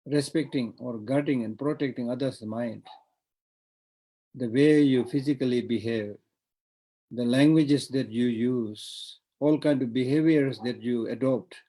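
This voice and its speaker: A man's voice: mid-range voice, a little slow, mellow, rough recording. A man with a Tibetan accent giving an online Buddhist teaching, talking in a discursive way with repeated words and frequent "you know".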